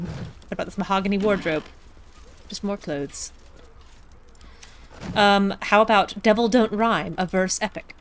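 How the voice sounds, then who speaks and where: A woman's voice: medium pitch, a little hiss or hum. Wry woman streamer reading game text. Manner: wry, chatty asides between readings. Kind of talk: gameplay commentary and reading game text aloud.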